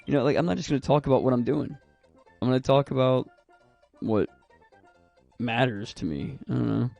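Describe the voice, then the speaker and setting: Gravelly-voiced man rambling on a game stream. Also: medium pitch, normal speed, a little mellow, lo-fi sound, faint music behind. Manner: rambling, swears freely. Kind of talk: casual gaming stream chat.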